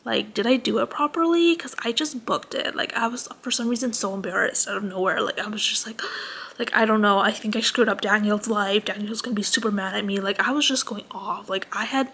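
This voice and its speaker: A woman's voice: medium pitch, brisk, creaky, hardly any pauses, fairly bright tone, breathy edge. A young woman vlogging a rambling, anxious storytime rant at home at night, full of "like". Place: home at night, parents asleep nearby.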